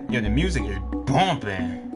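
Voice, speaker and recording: A man's voice: lowish voice, sing-song, normal speed. A man streaming a game, chatting casually and joking, swearing freely and talking to the screen. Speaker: gaming streamer. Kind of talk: casual let's-play commentary. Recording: game music loud behind the voice. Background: game music.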